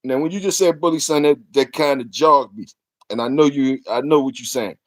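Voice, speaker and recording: A man's voice: medium pitch, brisk, dry recording. A man, hosting a casual livestream, ranting in a profane, repetitive and emphatic way. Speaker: livestream host.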